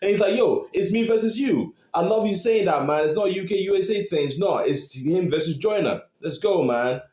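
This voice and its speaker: A man talks through his reaction in an excited, casual way, his voice rising and falling a lot and sitting a bit high. He laughs often and keeps asking "you know what I mean". The sound is roomy, with a clear echo. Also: fairly quick. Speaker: reaction video host.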